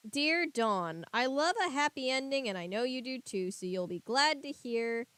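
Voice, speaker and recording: A woman's voice: fairly high pitch, animated, normal speed, dry recording. Woman reading a kids' mystery aloud. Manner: reads dialogue brightly, chatty joking asides. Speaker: reader and commentator. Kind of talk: casual book read-aloud with asides.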